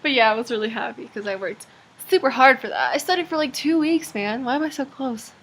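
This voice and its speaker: A woman's voice: high voice, quick pace, a bit bright. Chatty teenage girl's video diary. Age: teens. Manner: rambling, chatty, lots of fillers. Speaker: vlogger.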